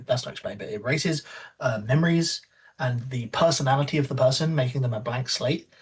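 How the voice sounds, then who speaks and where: A man co-hosting a podcast, explaining things in an offhand, breathy way. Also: mid-range voice, far from the mic. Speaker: podcast co-host. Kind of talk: casual chat.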